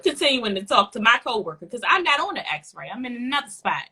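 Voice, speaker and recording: A woman on a casual podcast tells a story with lively, profane energy. Her voice is forceful and bright, with a husky edge, and sits a little high. She plays up the story as she goes. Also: fast talker. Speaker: podcast co-host.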